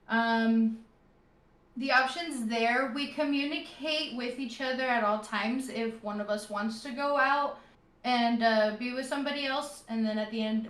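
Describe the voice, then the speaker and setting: A woman, a podcast guest, explaining things in relaxed casual chat with fillers. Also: a little high. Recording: echoey room.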